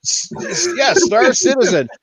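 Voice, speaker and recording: A man's voice: very high voice, huge pitch swings, a little slow, fairly bright tone, husky, dry recording. A man hosting a casual podcast, ranting in a profane, fired-up way. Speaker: podcast host. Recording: dull lo-fi sound, dry.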